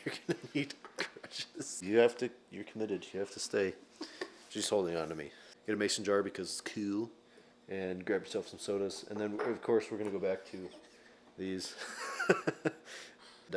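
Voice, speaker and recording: Easygoing young man, very deep voice. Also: a little hiss or hum. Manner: easygoing, rambling, chuckles often. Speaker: fitness vlogger. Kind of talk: casual chat.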